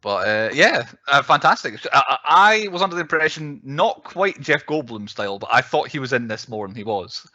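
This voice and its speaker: A man hosting a casual film podcast, chatty and quick to laugh, leading the discussion. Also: medium pitch, sing-song, sharp tone, no echo. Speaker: podcast host. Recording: dull lo-fi podcast audio.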